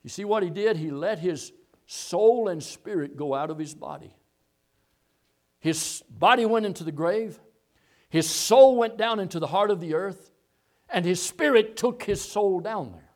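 A male preacher delivers a sermon with a high, animated voice. He sinks into hushed, low asides, then climbs to loud, fervent declarations. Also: unhurried. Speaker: pastor.

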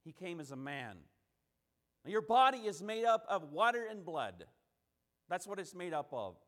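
A man's voice: high voice, big pitch swings, normal speed, a bit bright. A man preaching a sermon, emphatic, stacking repeated phrases and acting out the quotes he tells.

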